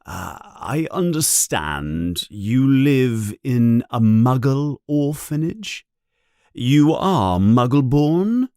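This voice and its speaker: A man voicing a frail elderly male headmaster wizard who speaks weakly and hesitantly, with halting fillers. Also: mid-range voice, sing-song, no room sound, clean studio sound, exaggerated voice. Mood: grave. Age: older. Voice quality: weak, quiet, breathy at times.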